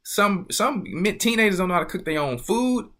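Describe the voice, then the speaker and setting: Bright-voiced preaching man, emphatic. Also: high voice, lively intonation, moderate pace. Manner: emphatic, rhetorical questions, scolding. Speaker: church elder. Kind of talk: preaching talk.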